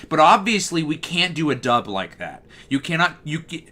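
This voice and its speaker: A man with a bass-baritone voice, casually chatting on a livestream and answering messages from chat. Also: sing-song, moderate pace, pushed and bright. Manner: talkative, answers chat messages as they come in. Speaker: livestream host.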